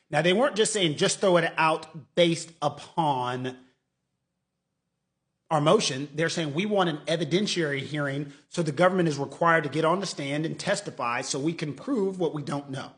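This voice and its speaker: Animated man mocking legal news. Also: fairly high pitch. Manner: animated, mocking, acts out quotes. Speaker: lawyer commentator. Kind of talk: casual legal commentary.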